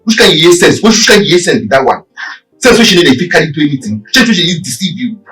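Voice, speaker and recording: A furious jealous boyfriend. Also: male voice, on the high side, very animated, fairly bright tone, far from the mic, soft background music, poor audio. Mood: angry. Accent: Nigerian Pidgin. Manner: quarrelsome, rapid scolding. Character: jealous angry village boyfriend. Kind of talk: Nollywood film acting.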